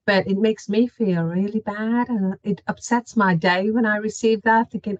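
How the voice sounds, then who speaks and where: A woman's voice: mid-range voice, normal speed, few pauses, no room sound. A woman on a panel video call who talks earnestly and voices her own inner reactions as she goes. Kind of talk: casual video-call discussion. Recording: dull lo-fi video-call audio.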